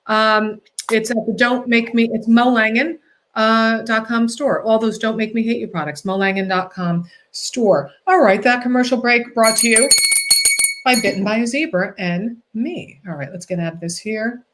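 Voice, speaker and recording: A woman's voice: on the high side, moderate pace, a little hiss or hum. A woman hosting a talk show, chatting casually and joking between plugs for her sponsors. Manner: joking, chatty, full of fillers.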